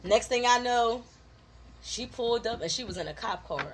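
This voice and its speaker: A woman, telling a childhood story in casual chat with her husband, animated and laughing often. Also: fairly high pitch, moderate pace, slight background noise. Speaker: co-host of a couples channel.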